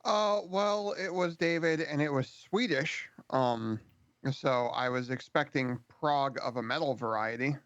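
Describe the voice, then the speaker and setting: A man's voice: mid-range voice, a little slow, fairly bright tone, no room sound, muffled recording. A man co-hosting a music podcast, laid back and hesitant. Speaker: podcast co-host. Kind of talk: casual chat.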